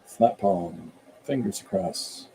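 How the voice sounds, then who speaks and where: A man's voice: deep voice, expressive, slow, gravelly, warm tone, a little hiss or hum, rough recording. A man chatting casually and rambling while he draws on a live stream. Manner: rambling and chatty, slips into voices. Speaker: artist streaming while drawing.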